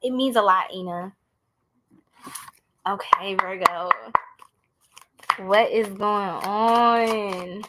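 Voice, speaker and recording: Woman tarot reader, live stream, casual and blunt, greets chat, middle pitch. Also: extremely slow, long pauses, very noisy. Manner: chatty, greets viewers, slangy and blunt.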